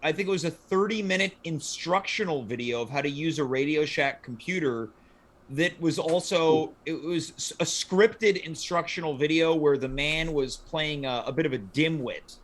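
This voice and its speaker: A man's voice: fairly high pitch, normal speed. A man hosting a casual livestream chat, asking playful mock-formal questions. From Canada. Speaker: host.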